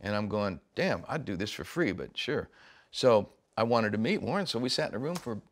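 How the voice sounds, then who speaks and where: A man's voice: lowish voice, sing-song, a little fast. An older man, a rock musician, telling stories in a casual interview, laughing often and acting out the voices of people he quotes.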